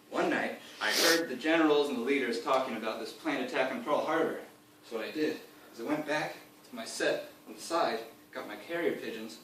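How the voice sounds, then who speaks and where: A man telling a deadpan comic tall tale, rambling on with loud acted-out quotes and chuckling asides. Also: mid-range voice. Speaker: speaker giving a comic presentation. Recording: echoey room from far off, faint hiss.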